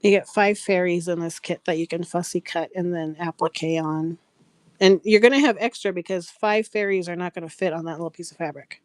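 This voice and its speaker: Chatty lady selling craft kits on a live stream, lowish voice, laughs a lot, dry sound. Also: fairly quick, darkish tone, no room sound. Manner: chatty, rambling, laughs often, talks to viewers by name. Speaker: craft seller and live show host. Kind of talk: casual live-stream sales chat.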